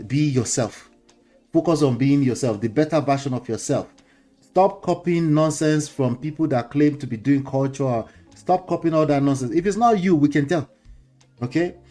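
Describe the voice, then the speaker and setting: A man's voice: a little high, moderate pace, mellow, faint music behind. A middle-aged man with a Nigerian accent hosting a casual commentary show, lecturing listeners with chuckles and pidgin slang mixed in. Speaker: host.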